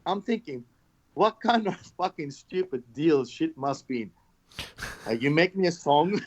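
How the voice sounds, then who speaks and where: A man with a fairly high voice tells stories on a casual podcast. He is sarcastic and profane and mocks people as he goes. The sound is muffled and lo-fi. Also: lively intonation, moderate pace. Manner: sarcastic storyteller, swears a lot. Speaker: knifemaker, podcast guest. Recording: dull lo-fi podcast recording.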